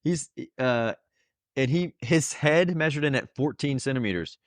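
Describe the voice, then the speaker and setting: A man's voice: mid-range voice, expressive, moderate pace, no echo. A young man casually telling a personal story on a podcast, earnest and emotional and laughing often. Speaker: podcast host, new father.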